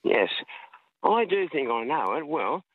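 Older australian man, rambling storyteller, slightly high voice, dry tinny phone line. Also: big pitch swings, unhurried, slightly rough, no echo. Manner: chatty storyteller, rambling and repetitive. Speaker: caller. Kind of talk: casual phone-in chat. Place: outdoors walking in a park.

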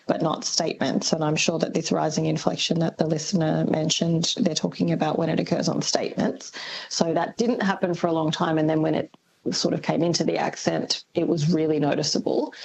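A woman's voice: fairly low pitch, creaky, a little mellow, a little hiss or hum, rough recording. A woman linguist, answering radio interview questions thoughtfully with many ums and restarts. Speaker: linguist guest.

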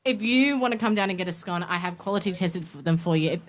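A woman hosting a live radio broadcast from an outdoor show, bubbly and quick to laugh. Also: on the low side. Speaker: radio host.

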